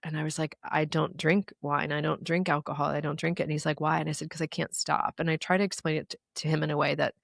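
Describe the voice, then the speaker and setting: A woman's voice: deep voice, flat delivery, fast, vocal fry, hardly any pauses, dry recording, clean studio sound. A woman in her thirties, a guest in an interview, telling personal stories in an earnest, reflective way. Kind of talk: candid interview conversation.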